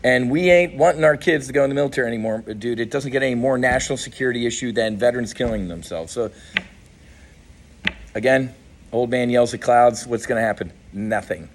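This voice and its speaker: A man's voice: medium pitch, a little fast, slight background noise. A middle-aged man giving an impassioned, profane political monologue as a podcast host, blunt and frustrated, often restarting his sentences. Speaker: podcast host and veteran advocate.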